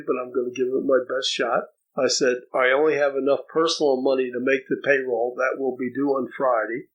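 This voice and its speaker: A man's voice: mid-range voice, dull audio. An older man from New Jersey, an interview guest telling a personal story in a reflective way, often repeating words as he starts sentences.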